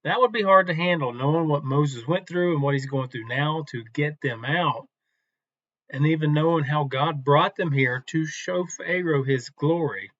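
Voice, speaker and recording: A man's voice: a little high, fairly bright tone, no echo, lo-fi sound. Man giving a casual devotional Bible talk. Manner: conversational, unhurried, with restarts. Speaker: Bible teacher.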